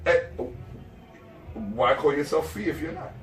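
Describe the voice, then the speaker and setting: A man's voice: a little high, measured pace, reverberant, recorded from a distance, soft background music. A man giving an interview, lecturing emphatically and repeating phrases for stress. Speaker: interview guest. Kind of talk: impassioned lecturing in conversation.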